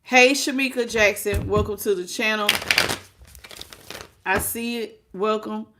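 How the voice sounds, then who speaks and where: A woman's voice: mid-range voice, unhurried, very noisy. A woman hosting a live-stream tarot reading. She talks straight to the listener and greets viewers by name, calling them sweetheart and baby. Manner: speaks directly to the listener.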